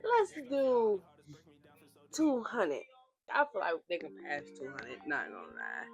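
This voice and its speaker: A young woman from the United States, chatting casually in a vlog in a lively, playful way. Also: fairly low pitch, a little slow, vocal fry, faint music behind. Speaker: vlogger.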